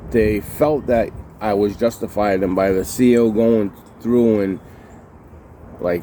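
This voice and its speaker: Guy ranting about getting maced in prison, swears a lot, kinda low warm voice, outside w some street noise. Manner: heated, profane, repeats himself, acts out quotes. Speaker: former prisoner telling his story. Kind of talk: casual storytelling to camera.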